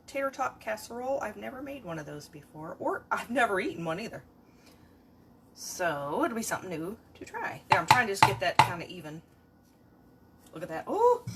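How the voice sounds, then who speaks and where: A woman's voice: mid-range voice, a bit bright, a little hiss or hum. A woman, chatting to viewers through a casual cook-along at home. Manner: chatty, talks to viewers while working. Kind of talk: casual cooking livestream. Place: home kitchen. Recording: kitchen with clattering dishes and utensils.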